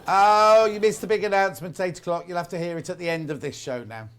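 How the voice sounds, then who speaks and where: A man's voice: high voice, fast talker, smooth. A man hosting a live shopping-TV sewing segment, asking short questions and making dry teasing asides. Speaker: shopping-TV host. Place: TV studio.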